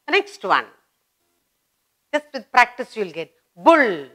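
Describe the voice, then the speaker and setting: Woman, Indian English accent, children's grammar teacher, very slow deliberate pace, repeats each word with stress. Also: fairly high pitch, sing-song, pushed and bright. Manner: slow, drawn-out, repeats words with emphasis.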